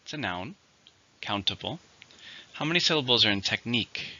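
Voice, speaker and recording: A man teaching English vocabulary slowly and carefully, counting syllables and marking stress. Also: fairly low pitch, lively intonation, bright, forceful tone, dull audio. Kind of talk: vocabulary lesson.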